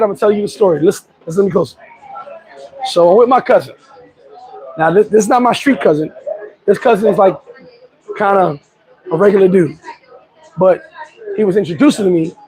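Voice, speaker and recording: A man's voice: high voice, darkish tone, low-quality recording. A man vlogging outdoors, chatting casually, joking and telling stories to his viewers. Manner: joking, storytelling, laughs often. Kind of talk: casual street vlog chat. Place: outdoors on a street.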